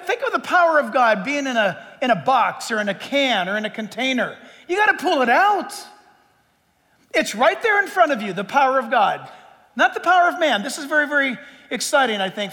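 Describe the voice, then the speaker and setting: A man's voice: extremely high pitch, sharp tone, long reverb tail. A middle-aged man preaching a sermon as pastor, conversational and joking with his congregation. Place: church sanctuary.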